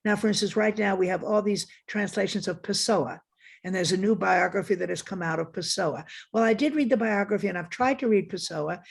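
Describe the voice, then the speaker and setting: A woman's voice: mid-range voice, a little fast, vocal fry, husky. A woman guest critic in a conversational academic discussion, frank and digressive, often correcting herself as she talks over a video call.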